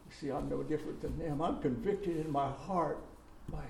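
A pastor preaching a sermon, repeating phrases for emphasis and reading scripture aloud with rising force. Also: male voice, fairly high pitch, moderate pace, vocal fry, darkish tone, slight background noise. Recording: roomy echo.

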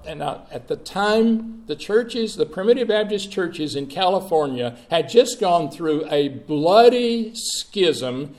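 Slow, emphatic preacher. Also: male voice, fairly high pitch. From Mississippi. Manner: emphatic, swinging between soft and loud, with long pauses. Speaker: pastor. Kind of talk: sermon.

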